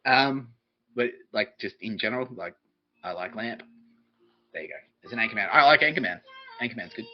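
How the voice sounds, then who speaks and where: A man's voice: fairly low pitch, expressive, fairly quick. A man hosting a podcast, ranting in a rambling, profane monologue and mocking people in put-on voices. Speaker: podcast host. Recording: dull lo-fi recording.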